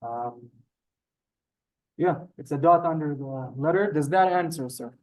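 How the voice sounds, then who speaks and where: A male Hebrew teacher leads a live beginner class in a synagogue room, also streamed on Zoom. His voice sits a bit high for a man. He is polite and chatty, calling his students "sir". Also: measured pace, darkish tone.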